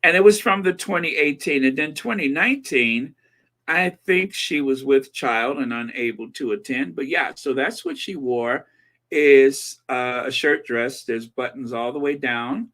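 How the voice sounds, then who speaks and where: Slow, chatty livestream host. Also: male voice, medium pitch, fairly bright tone. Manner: chatty, giggly, rambling, thinks aloud. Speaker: livestream host reading chat. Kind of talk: casual chat.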